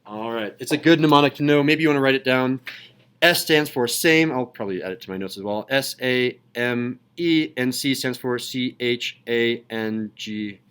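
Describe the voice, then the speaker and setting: A young man teaching a high school math class in a classroom, playful and jokey in manner. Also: normal speed, fairly bright tone, clean tone, poor audio. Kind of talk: classroom lecture.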